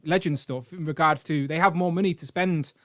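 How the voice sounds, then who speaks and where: A man's voice: fairly high pitch, fairly quick, fairly bright tone. A British man hosting a toy collecting live stream, rambling and joking as he thanks donors. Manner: rambling and jokey, reads out donations. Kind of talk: casual live-stream chat.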